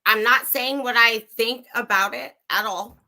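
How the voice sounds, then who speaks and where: A woman's voice: fairly high pitch, unhurried, pushed and bright. A young woman livestreaming true crime commentary, angry, sarcastic and swearing freely as she reads and reacts. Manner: profane, sarcastic, heated.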